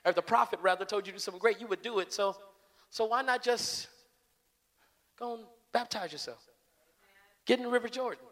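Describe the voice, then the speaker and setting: A man voicing a humble male servant who speaks softly and politely, gently coaxing. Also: high voice, fairly quick, long pauses, long reverb tail. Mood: gentle coaxing.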